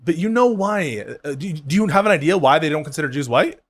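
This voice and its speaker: A man's voice: a little high, lively intonation, fast talker. A man hosting a casual live debate, pressing his guest with needling, sarcastic questions. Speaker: host.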